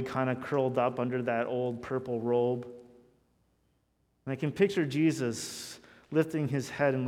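Earnest preacher man in a reverberant hall. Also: medium pitch. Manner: earnest, swings between loud emphasis and hushed intensity. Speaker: pastor. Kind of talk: sermon.

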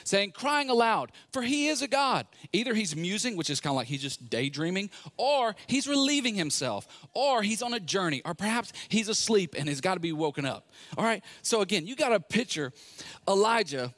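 A man preaching a sermon, retelling a scripture story with sarcasm and acting out the characters' lines. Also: fairly high pitch. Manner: animated, sarcastic storytelling with acted-out quotes. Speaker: pastor.

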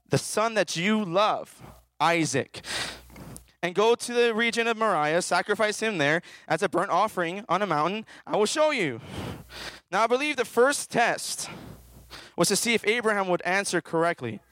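A man's voice: high voice, expressive, moderate pace, a bit bright, dry recording. A man, a children's minister, preaching a playful sermon and calling on the audience to answer and repeat after him. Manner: playful, calls out for audience participation.

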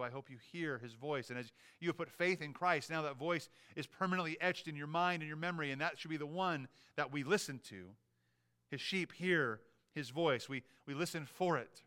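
Bright, clear-voiced man preaching. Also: fairly high pitch. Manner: earnest preaching, rising to emphatic peaks, dropping to hushed quiet. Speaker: pastor. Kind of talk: sermon.

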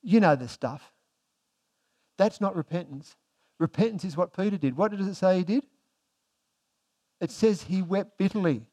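Male pastor, sermon delivery, high voice, shifts from forceful emphasis to quiet intensity. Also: unhurried, pauses often. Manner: asks the congregation rhetorical questions; swings between emphatic and hushed delivery.

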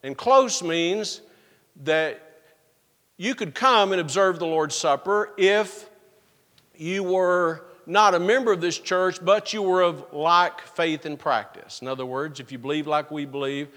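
A man preaching a sermon as pastor, reading scripture slowly and with emphasis. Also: on the high side, a bit bright. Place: church sanctuary. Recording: long reverb of a church sanctuary.

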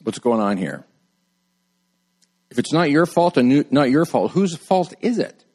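A middle-aged male pastor preaching a sermon in a conversational way, jumping high when he quotes people and dropping low and quiet to drive a point home. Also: big pitch swings, a little slow.

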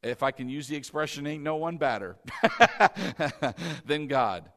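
Male pastor, bright and animated, preaching in a reverberant sanctuary. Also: fairly high pitch, unhurried. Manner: animated, laughing, calls for amens. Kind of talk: lively sermon. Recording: church hall reverb.

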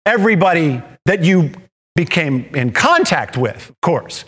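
A man's voice: fairly high pitch, very animated, measured pace, a bit bright, slightly rough, voice pushed down, full character voice. A man voicing God the Father as a playful, fatherly heavenly king in a sermon story, mock-serious and conversational.

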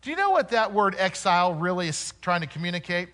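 A man preaching a sermon, reading scripture slowly and putting rhetorical questions to his congregation. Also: high-pitched, sing-song, sharp tone. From Oklahoma.

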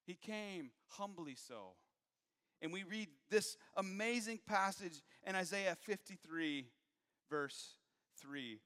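A man preaching a sermon, moving from hushed, low passages to raised, emphatic ones. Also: animated, slow pace, smooth, big-room sound.

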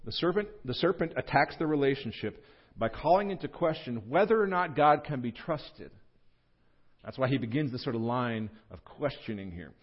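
A man preaching a sermon, teaching through a scripture passage in an earnest tone with fillers and restarts, jumping up in pitch and volume when he voices the words he quotes. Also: animated, normal speed, breathy edge, lo-fi sound. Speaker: pastor. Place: church.

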